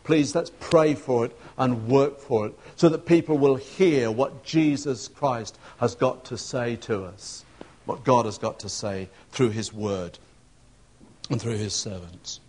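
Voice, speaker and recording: A man's voice: a little slow, slightly rough. A man preaching a sermon, telling a story and acting out the voices in it. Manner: storytelling preacher, acting out shouts and quotes with rising pitch.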